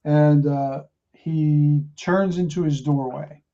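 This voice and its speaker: A man's voice: a little high, steady tone, slow pace, mellow, highs cut off. A man narrating as game master of a tabletop game, teasing the player. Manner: teasing, laughs easily.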